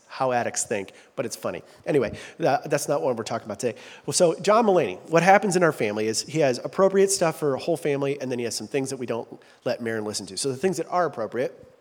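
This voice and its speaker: A man preaching as pastor in a big church sanctuary speaks in a mid-range voice, fast and animated, with a long reverb tail. His sermon is loose, jokey, and self-deprecating.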